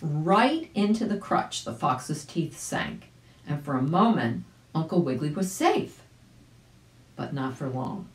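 A woman reads a children's storybook aloud in a gentle, unhurried way. Her voice sits low and slow. An echoey room carries it. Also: sing-song. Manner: gentle, storybook reading with small asides. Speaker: volunteer story reader. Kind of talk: audiobook read-aloud for children.

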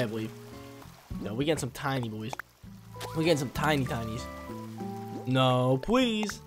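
Excitable young man narrating gameplay. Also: mid-range voice. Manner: excitable, slangy, bursts into loud yelps. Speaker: gaming channel host. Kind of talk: casual gameplay commentary. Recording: faint music under voice.

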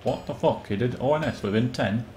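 A man's voice: mid-range voice, brisk, darkish tone, slight background noise. A man giving casual, rambling commentary while playing a game and reading its text aloud. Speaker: streamer.

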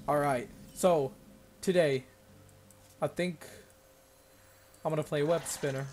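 Young male gaming host, slightly high voice, over-the-top sarcastic play-by-play at a desk mic. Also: measured pace, pauses often, darkish tone. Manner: mock-dramatic, exaggerated panic and sarcasm. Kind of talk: gameplay commentary.

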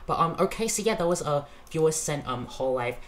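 Very low-voiced excitable woman reacting. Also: a little fast, a little hiss or hum. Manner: excitable, swears freely, stumbles over words. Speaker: reaction video host. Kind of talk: casual reaction commentary.

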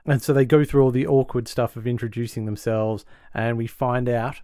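A man's voice: medium pitch, steady tone, normal speed, dark tone, dry recording, clean studio sound. Chatty male podcast host. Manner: chatty, laughs easily, acts out the lines. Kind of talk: casual episode recap.

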